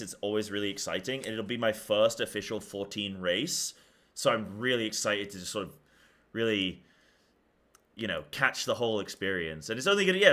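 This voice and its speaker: This lowish male voice sounds pushed and bright. It belongs to a young streamer who talks casually about a game, drifting through loose, run-on sentences full of filler words.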